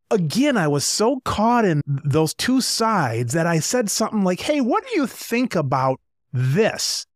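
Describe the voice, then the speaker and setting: A male podcast host with a high, animated voice, telling candid anecdotes. The sound is close and dry. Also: no echo. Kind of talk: podcast interview.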